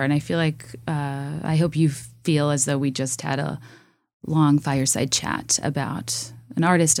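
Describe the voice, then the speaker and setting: A woman's voice: deep voice, dark tone, no echo, clean studio sound. A woman hosting a solo podcast, talking casually in a chatty, self-mocking way with lots of fillers and restarts. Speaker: podcast host.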